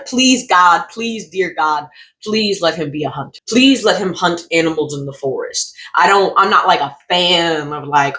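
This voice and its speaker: A woman hosting comedic commentary on odd online product reviews, sarcastic and animated, slipping into exaggerated voices. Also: on the low side, moderate pace. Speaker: host.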